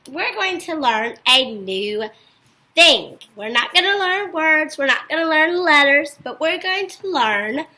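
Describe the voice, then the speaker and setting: A woman teacher giving a recorded phonics lesson to young children, speaking slowly and clearly and praising them often. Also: high-pitched, sharp tone, poor audio.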